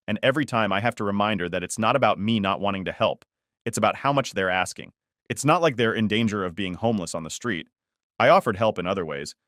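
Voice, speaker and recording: A man narrating a first-person family story in a steady, conversational way. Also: on the low side, no echo, studio quality.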